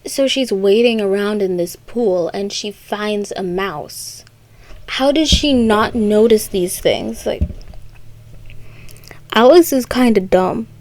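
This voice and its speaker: Slow-talking sarcastic young woman. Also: medium pitch, darkish tone. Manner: sarcastic, rambling asides. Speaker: video creator. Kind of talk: comedic story recap.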